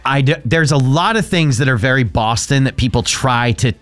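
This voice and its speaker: A man hosting a radio show, chatting casually in an animated, self-mocking way. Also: medium pitch, moderate pace, soft background music. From Connecticut. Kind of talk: casual chat.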